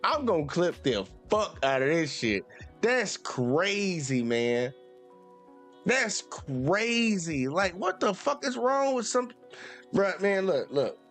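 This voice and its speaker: Man, sports channel host, high-pitched, profane heated rant, faint background music. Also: sing-song, slow, fairly bright tone. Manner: profane, exasperated, repetitive. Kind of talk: heated live-stream rant.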